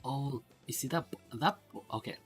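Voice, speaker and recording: A man's voice: medium pitch, moderate pace, faint music behind. A sleep-deprived man streaming a game, rambling in a mock-professorial way and laughing often. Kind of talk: casual live-stream game commentary.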